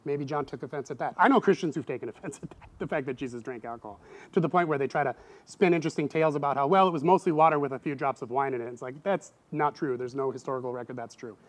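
A middle-aged man preaching a sermon in a lively way, acting out voices with sudden loud outbursts. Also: fast. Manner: animated, acts out quoted voices with big pitch jumps. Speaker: pastor.

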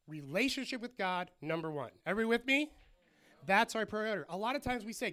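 Animated high-voiced male preacher. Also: fast talker. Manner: animated storytelling, acts out voices of the people in the story. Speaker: pastor. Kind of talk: sermon.

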